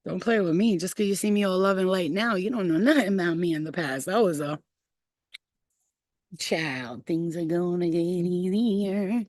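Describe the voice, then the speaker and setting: A woman's voice: on the low side, moderate pace, darkish tone, no echo. Blunt, profane woman telling stories. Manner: blunt, profane, laughs often. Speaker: livestream host. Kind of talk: casual storytelling to live chat.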